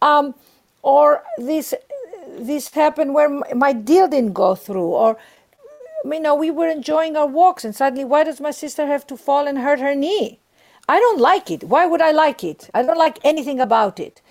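A woman's voice: high voice, normal speed, darkish tone. A woman guest on a podcast, earnestly giving spiritual advice and encouragement, often repeating herself.

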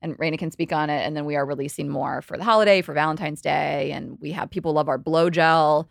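A woman's voice: deep voice, creaky, no room sound, clean studio sound. A woman in her thirties talking casually and animatedly as a podcast guest, explaining with lots of "like"s. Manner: animated, explains fast with many "like"s. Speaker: guest, company co-founder.

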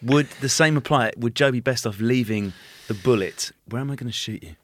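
A man's voice: medium pitch, fairly quick. A man co-hosting a podcast, joking and teasing in casual chat. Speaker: podcast co-host.

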